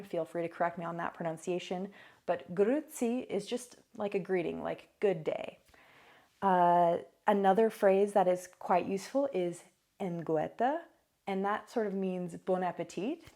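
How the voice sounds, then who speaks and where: A young woman with a warm, lowish voice vlogs from her new apartment, talking to the camera in a loose, chatty way. Fillers and side remarks pop up constantly.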